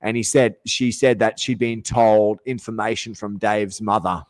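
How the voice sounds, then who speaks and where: A man's voice: on the low side, flat delivery, unhurried, dry recording. A middle-aged Australian man hosting a podcast, ranting in an aggrieved, profane monologue and often breaking off mid-sentence. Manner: profane, aggrieved, self-interrupting. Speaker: podcast host.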